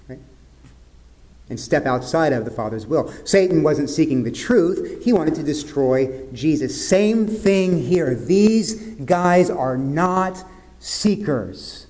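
A man preaching a sermon as pastor, in an earnest way that drops to soft, grave tones. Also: fairly high pitch, lively intonation, takes it slowly.

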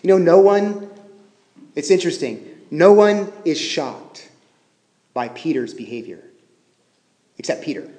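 Guy preaching in church, chatty, goes loud then real quiet, kinda high voice, big echoey hall. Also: very animated, a little slow, long pauses. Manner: conversational, swinging from emphatic to hushed. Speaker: pastor. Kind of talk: sermon. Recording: echoey hall with long reverb.

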